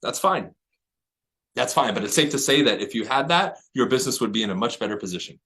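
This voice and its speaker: A man coaching real estate agents in a high-energy motivational talk, swearing freely and pushing hard on every point. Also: animated, rapid-fire, sharp tone. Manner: profane, high-energy, emphatic.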